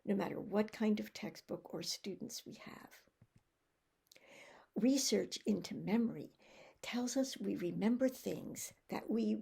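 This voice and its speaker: Slow, gravelly teacher woman presenting. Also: medium pitch, dark tone. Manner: slow, deliberate teacherly delivery with acted drill examples. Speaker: language teacher trainer. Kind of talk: recorded conference presentation.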